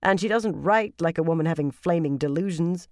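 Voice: medium pitch, fairly quick, no echo, clean studio sound, close to an everyday voice. A narrator doing a blunt, cursing woman leader. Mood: brusque. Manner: blunt and forceful, swearing often. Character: harsh, foul-mouthed woman leader of a sisterhood. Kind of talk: audiobook character reading.

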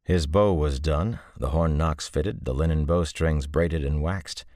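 A man narrates an audiobook in a calm, measured way. His voice sits extremely low, down in a rumbling bass. The recording is dry and close, with no room sound. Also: dry recording. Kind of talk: scripted narration.

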